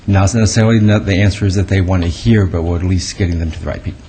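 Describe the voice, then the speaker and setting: A man with a low, mellow voice reports to the council as city staff. He speaks calmly and in a matter-of-fact way. Faint noise runs behind him. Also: rapid-fire. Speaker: city housing staff presenter.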